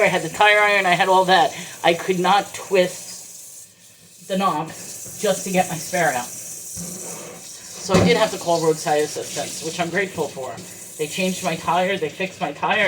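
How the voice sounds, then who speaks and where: A woman's voice: lowish voice, noisy background. Tearful woman venting in her kitchen. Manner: tearful, fighting back crying. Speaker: vlogger. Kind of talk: emotional personal vlog rant. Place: home kitchen, washing dishes.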